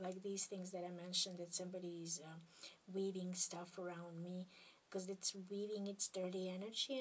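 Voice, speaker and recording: A woman from Serbia with a Serbian accent, a spiritual healer talking to camera in a hesitant, halting way that keeps dropping into soft near-whispers. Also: on the low side, recorded from a distance, a little hiss or hum. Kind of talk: casual monologue to camera.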